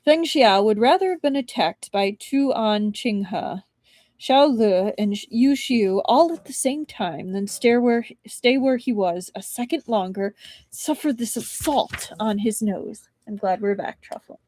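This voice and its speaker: A fairly high-voiced young woman reads a novel aloud on a live stream, now and then dropping into chatty asides to her viewers. Her voice is dry and close, with no room sound around it. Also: animated, a little slow, a little mellow, no echo. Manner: chatty asides between narration. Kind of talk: live-stream book reading.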